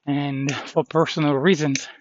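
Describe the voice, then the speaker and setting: A man walking outdoors on a hilly trail, talking in a rambling, halting way with lots of fillers as he vlogs his pilgrimage. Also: a little high, flat delivery. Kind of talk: casual walking vlog. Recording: dull lo-fi with faint noise.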